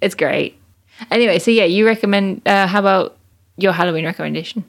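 A woman's voice: mid-range voice, fast talker, creaky. Laughing woman in loose podcast chat. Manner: laughs often, loose and informal. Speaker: podcast co-host. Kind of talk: casual chat.

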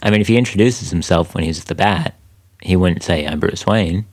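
A man's voice: sits low, moderate pace. A man co-hosting a podcast in casual chat, playful and full of jokey asides. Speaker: podcast co-host.

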